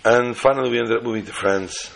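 A man's voice: mid-range voice, quick pace, creaky, a bit bright, slight background noise. A man voicing an emotional grown Jewish man who confides his past, spoken earnestly in his own plain register. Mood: confiding.

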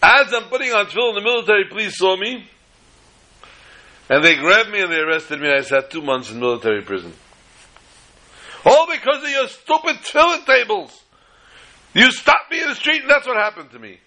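A man voicing an angry young soldier who shouts accusations in a high, strained voice. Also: animated, fairly quick, long pauses, full character voice, poor audio. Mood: furious. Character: angry young male soldier, hot-headed.

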